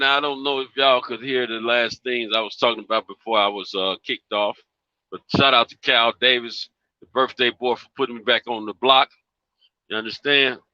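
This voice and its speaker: Laid-back Southern man, bright and dry. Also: mid-range voice, dry recording, dull audio. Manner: laid-back, drawling, folksy slang with frequent "you dig". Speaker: live stream host. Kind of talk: casual live-stream chat.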